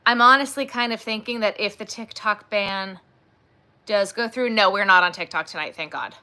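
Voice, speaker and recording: A woman with a bright, clear voice hosts a casual crochet livestream. She rambles from topic to topic, filling her talk with "like" and "um" and gushing over things she enjoys. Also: mid-range voice, moderate pace. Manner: rambling, chatty, gushing, says "like" and "um" often.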